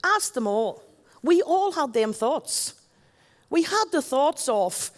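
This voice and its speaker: A woman's voice: high voice, big pitch swings, slow pace. A middle-aged woman with a Northern Irish accent, an MC on stage giving a chatty, joking talk and addressing the crowd. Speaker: event MC. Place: stage at a large event. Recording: long hall reverb.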